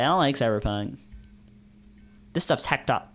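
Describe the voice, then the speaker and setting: A man chatting casually as he reads through a visual novel, joking around and rambling with lots of restarts. His voice sits in an ordinary middle pitch but moves lively and expressively. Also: a little slow. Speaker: let's play host. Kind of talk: casual commentary while reading a visual novel.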